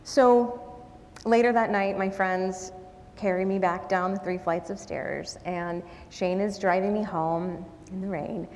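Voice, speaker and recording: A woman speaker telling a personal story to a live audience in a conversational, self-deprecating way. Her casual ums and asides carry a long reverb from the hall. Her pitch sits in an ordinary middle range. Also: fairly even intonation, a little slow, darkish tone, slight background noise. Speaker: guest speaker. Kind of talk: storytelling talk.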